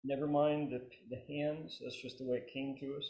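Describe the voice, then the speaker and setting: A man teaching a meditation class, relaxed and joking, leading his students through chanted repetitions. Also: mid-range voice, moderate pace. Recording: roomy, echoey room.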